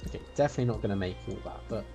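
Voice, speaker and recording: Guy rambling thru a let's play, talks to the npcs, game music going loud behind. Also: fairly low pitch, very fast. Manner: chatty running commentary, talking to game characters. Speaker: gameplay streamer.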